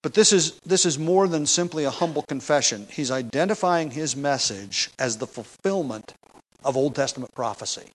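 A man's voice: fairly high pitch, lively intonation, moderate pace. A man teaching a Bible passage in a conversational sermon, with restarts and rhetorical questions. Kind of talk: expository sermon.

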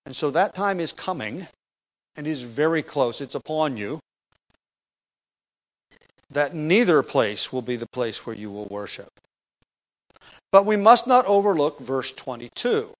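A man with a slightly raised pitch delivers an expository sermon. He explains the passage line by line, stressing key words emphatically and stumbling now and then with fillers and restarts. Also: big pitch swings, a little slow, pauses often, rough recording. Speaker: preacher.

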